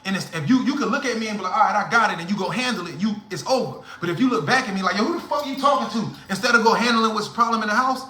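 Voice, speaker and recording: A man's voice: sits high, racing, hardly any pauses, sharp tone, echoey room. A young man hosting a livestream, lecturing his viewers in a blunt, profane, heated rant. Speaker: livestream host.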